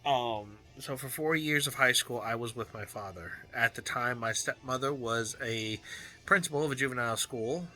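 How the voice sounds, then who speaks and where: A man recording a personal video journal, talking in an earnest, heartfelt way with halting restarts and fillers. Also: medium pitch, sharp tone, faint music behind. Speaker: vlogger.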